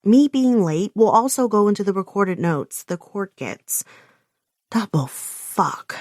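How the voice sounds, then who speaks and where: A woman narrating a first-person audiobook with intense, emotional delivery and sharp outbursts. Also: mid-range voice, lively intonation, normal speed, dry recording, clean studio sound.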